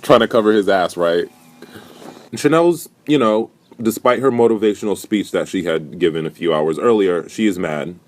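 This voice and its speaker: Low-voiced man ranting in a recap. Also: moderate pace. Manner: profane, animated, indignant storytelling. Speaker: reality TV recap vlogger. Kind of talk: casual recap rant.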